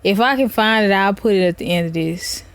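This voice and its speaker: A woman's voice: medium pitch, a little fast, slight background noise. A woman vlogger giving blunt, mocking casual reaction commentary.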